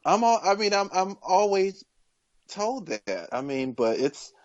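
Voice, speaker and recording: A man appearing as a guest on a podcast, talking in a measured, earnest way with frequent restarts. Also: high voice, big pitch swings, no echo, lo-fi sound. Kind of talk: casual political chat.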